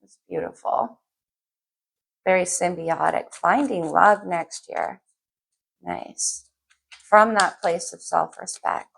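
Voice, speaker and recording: A woman's voice: lowish voice, slow pace, gravelly, long pauses, husky. A woman giving a casual tarot reading to camera, chatty and a little scattered, thinking aloud as she pulls cards. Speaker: tarot reader.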